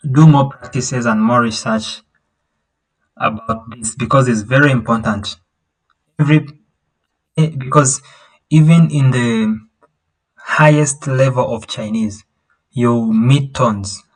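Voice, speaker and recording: A man teaching a language lesson over a video call, patiently explaining and singing out vowel sounds to show the tones, with halting restarts. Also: medium pitch, fairly bright tone, low-quality recording. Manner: patient, repeats himself and sings out vowel sounds to demonstrate tones; halting, with many fillers and restarts.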